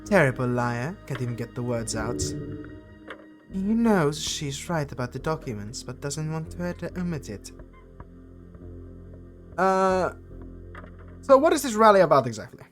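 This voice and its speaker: A man's voice: on the high side, sing-song, a little slow, pauses often, music in the background. A man playing a video game, casually commenting and reading text aloud, often tripping over words. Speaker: gaming YouTuber.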